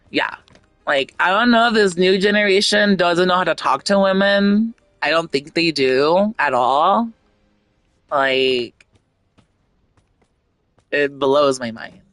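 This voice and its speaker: A woman's voice: lowish voice, fairly bright tone, dry recording. A woman streamer chatting casually, blunt and outspoken, swearing freely and rambling with lots of fillers. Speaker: gaming streamer.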